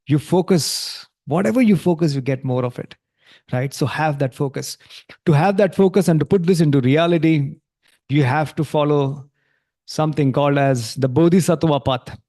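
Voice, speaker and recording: A man's voice: fairly high pitch, no echo, studio quality. A man hosting an online group coaching call, talking in a friendly, encouraging way. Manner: energetic, leads repeated affirmations.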